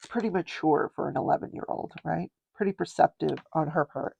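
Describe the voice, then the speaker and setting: A woman's voice: sits low, normal speed, vocal fry, few pauses, darkish tone, a little hiss or hum. An older woman hosting a casual show, chatting her way through a trial recap and wandering off to talk about her crafts. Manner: chatty, digressive, explains legal terms plainly. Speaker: host.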